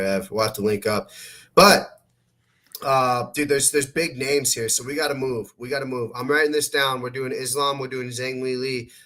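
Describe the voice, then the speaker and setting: A man's voice: medium pitch, a bit bright. A man hosting a casual sports podcast, talking brashly and swearing a lot as he previews fights. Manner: brash, profane, fast-talking. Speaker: podcast host.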